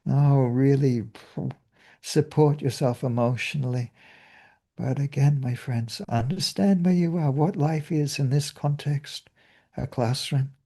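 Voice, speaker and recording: A man's voice: medium pitch, unhurried, warm tone. A man, a meditation teacher giving a cheerful spiritual talk and laughing often.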